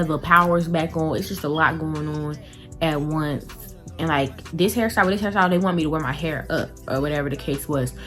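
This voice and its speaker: Teenage girl, casual storytime vlogger; lower-pitched, animated and chatty, light music underneath. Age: teens. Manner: chatty and animated, talks straight to viewers.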